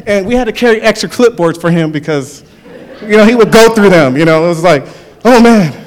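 A man sharing his testimony at church, telling stories in an animated way and often chuckling. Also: sits high, brisk. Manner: animated storytelling with frequent chuckles. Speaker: church speaker. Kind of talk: spoken testimony.

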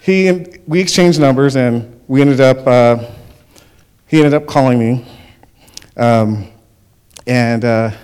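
Man giving a church testimony, lively, chuckling storyteller. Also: medium pitch, slow pace, pauses often, clean tone. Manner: animated storytelling with frequent chuckles. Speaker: church speaker. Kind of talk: spoken testimony.

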